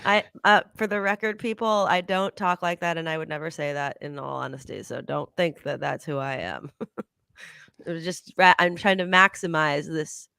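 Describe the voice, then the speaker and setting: A woman's voice: deep voice, fairly even intonation, normal speed, creaky, bright, forceful tone, clear, resonant tone, dry recording. Female comedy co-host, playful teasing, strained voice, dry close sound. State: strained voice from coughing. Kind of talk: casual comedic banter.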